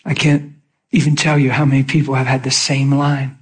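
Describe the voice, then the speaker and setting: A man's voice: medium pitch, a little fast. A middle-aged male pastor preaching in storytelling style, acting out the voices of people he quotes. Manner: animated, acts out quoted voices. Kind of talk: sermon storytelling.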